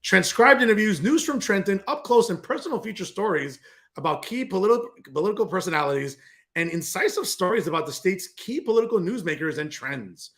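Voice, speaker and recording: A man with a New Jersey accent hosts a political commentary show. He rants with open sarcasm and scoffing disbelief. His voice sits high for a man and swings widely in pitch. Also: lively intonation, a little fast, a bit bright.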